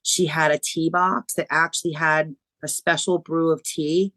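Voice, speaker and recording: Animated woman author telling a story. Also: low-pitched, measured pace, dry recording. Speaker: guest author. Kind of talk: podcast interview.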